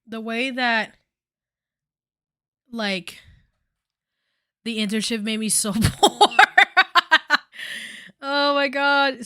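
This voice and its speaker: A woman's voice: medium pitch, sharp tone, smooth, no echo, studio quality. A woman in her twenties chatting casually on a stream while reacting to clips, exclaiming often and trailing off with fillers.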